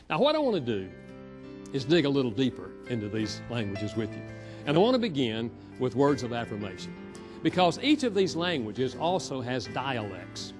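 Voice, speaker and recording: Animated man speaking in a reverberant hall. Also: mid-range voice. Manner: animated, playful, acts out quotes. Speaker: seminar speaker on marriage. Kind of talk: lively seminar talk with humor.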